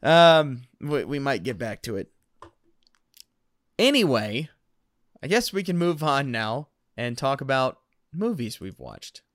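A man co-hosting a casual podcast, ranting in an animated way and laughing at his own frustrations. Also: mid-range voice, slow pace, pauses often, no room sound, clean studio sound. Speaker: podcast co-host.

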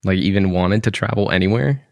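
Male co-host, excitable and teasing; deep gravelly voice with plenty of fry. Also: a little fast, dry recording, studio quality. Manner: excitable, laughs easily, teasing. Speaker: podcast co-host. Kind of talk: casual chat.

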